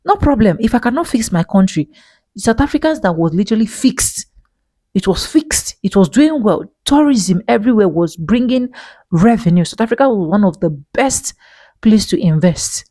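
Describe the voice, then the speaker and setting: A woman's voice: medium pitch, lively intonation, moderate pace, warm tone, dry recording. A woman giving an opinionated commentary monologue, indignant and emphatic, full of rhetorical questions. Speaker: vlogger commentator.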